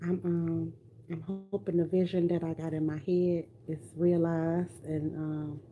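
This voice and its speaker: A woman's voice: low-pitched, little pitch movement, measured pace, phone-quality sound, faint music behind. A woman with a light country twang, chatting casually on a livestream while she works on a reborn doll. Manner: chatty, talks while rooting doll hair.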